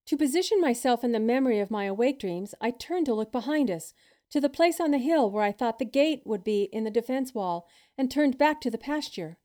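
A woman narrating a first-person audiobook in a steady, measured way. Her voice sits a little high.

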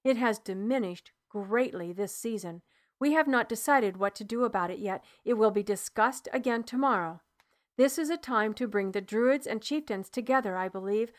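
A thoughtful male clan elder weighs matters aloud in this storybook voice, read by a woman. He is deliberate and careful with his words. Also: on the high side, lightly acted. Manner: deliberate, reasoning.

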